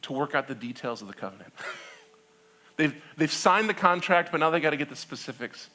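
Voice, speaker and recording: Casting: male pastor, 30s, storytelling sermon, bright voice, slightly high, chatty asides. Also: brisk. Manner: animated storytelling, acting out quoted voices; conversational with frequent "right?" and laughs.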